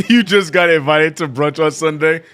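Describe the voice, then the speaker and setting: A man with a fairly high, bright, forceful voice hosts a live basketball watch-along. He trades laid-back banter with his chat, then stretches his words out and gets loud when a play happens. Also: normal speed, clear, resonant tone. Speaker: streamer hosting a live game watch-along. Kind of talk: casual chat and play-by-play commentary.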